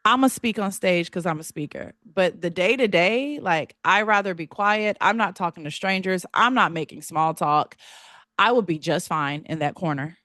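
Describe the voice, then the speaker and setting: A woman's voice: fairly low pitch, moderate pace, no echo, studio quality. Chatty Southern woman hosting a podcast. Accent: Southern US (North Carolina). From North Carolina. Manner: animated, chatty, laughs often, heavy use of "like" and "baby". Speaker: podcast host. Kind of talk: casual solo podcast talk. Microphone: podcast mic.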